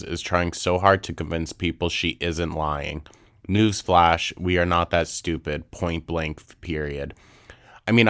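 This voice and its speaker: A man's voice: deep voice, a bit bright, clean tone, no room sound, studio quality. A man in his twenties giving blunt, sarcastic reaction commentary, swearing freely. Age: 20s. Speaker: commentary channel host.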